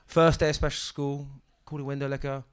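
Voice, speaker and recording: A young man doing a stand-up set on a club stage, with a halting deadpan delivery full of ums and restarts. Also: mid-range voice, clean tone. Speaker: stand-up comedian. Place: comedy club stage with audience. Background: audience laughter.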